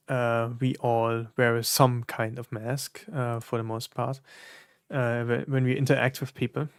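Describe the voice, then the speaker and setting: A man streaming, reacting to songs in casual, reflective talk with many pauses and fillers. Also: mid-range voice, smooth, dry recording, clean studio sound. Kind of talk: casual live-stream commentary.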